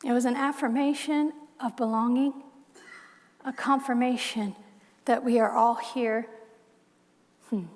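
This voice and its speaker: Soft-spoken woman minister preaching. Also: a little high. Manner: heartfelt, soft-spoken, slow measured reading. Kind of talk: sermon. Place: church sanctuary. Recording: long church hall reverb.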